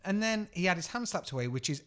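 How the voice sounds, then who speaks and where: A young adult man co-hosting a podcast, telling lively, profanity-laden anecdotes. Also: sits high, quick pace. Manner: swearing, animated anecdote-teller. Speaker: podcast co-host. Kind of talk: casual podcast chat.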